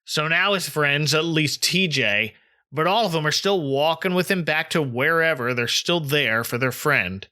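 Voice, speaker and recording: Pushed and bright, the fairly high voice of a southern New Jersey man carries lively intonation at a normal speed. Hosting a podcast, he chattily recaps a cartoon episode, retelling scenes and acting out lines.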